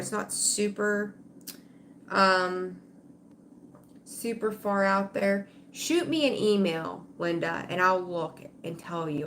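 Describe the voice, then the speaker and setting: A woman's voice: mid-range voice, a bit bright, a little hiss or hum. A middle-aged woman hosting a tarot livestream, chatting with viewers in an emotional, rambling way full of fillers and restarts. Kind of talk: casual livestream chat with viewers.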